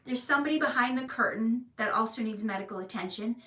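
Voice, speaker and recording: A woman hosting her vlog and telling a personal story in an animated, emotional way, acting out the people in it. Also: on the high side, quick pace, far from the mic. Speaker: vlog host. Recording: echoey room, mic set back.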